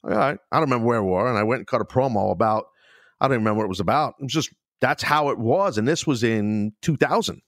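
A middle-aged man hosting a podcast, telling wrestling stories in a loose, profane, animated way, laughing often. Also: medium pitch, quick pace, no echo, studio quality. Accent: New York. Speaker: podcast host, former wrestler. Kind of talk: casual storytelling chat.

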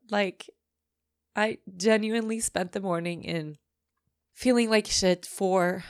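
A woman's voice: medium pitch, steady tone, takes it slowly, long pauses, smooth, dry recording, studio quality. A middle-aged woman hosting her own podcast, talking candidly and emotionally, teary from recent crying and swearing freely. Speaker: podcast host. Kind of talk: emotional personal podcast monologue.

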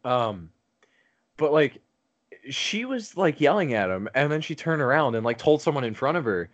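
A man chatting on a podcast, rambling through a story with constant fillers and the odd curse word. His voice sits at an ordinary pitch. The sound is a bit muffled and dull. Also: very animated, normal speed. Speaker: podcast co-host telling a story. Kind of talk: casual podcast chat.

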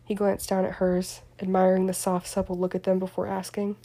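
Woman reading a story out loud, mellow voice, pretty flat and even. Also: mid-range voice, brisk, hardly any pauses. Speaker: story reader. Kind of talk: audiobook-style reading of fan fiction.

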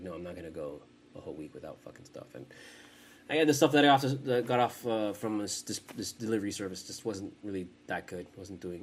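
A young man hosting a casual podcast from his home, rambling and cursing, with many false starts. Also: fairly low pitch. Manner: profane, rambling, frequent restarts. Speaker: podcast host.

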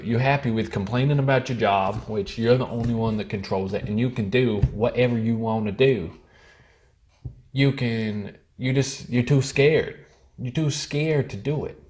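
A man's voice: medium pitch, darkish tone, natural voice. A man putting on a wavering American accent to play a profane patriotic American man ranting about laziness. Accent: put-on American. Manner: preachy, scolding, profane.

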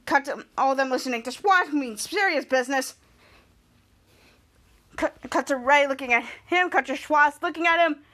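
A woman podcast host recapping a TV episode scene by scene in halting, repetitive narration with restarts. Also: high voice, bright, forceful tone.

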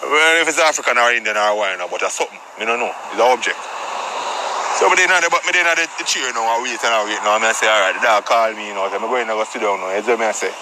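A man's voice: on the low side, very fast, background noise. Brash Jamaican-patois man telling a story. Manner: brash, profane, boastful tough-guy bravado. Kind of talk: comic storytelling rant.

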